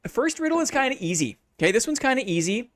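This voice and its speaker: Lively, mock-formal male streamer. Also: very high-pitched, quick pace. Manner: playful, mock-formal and upbeat. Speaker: game streamer. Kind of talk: casual live-stream chat.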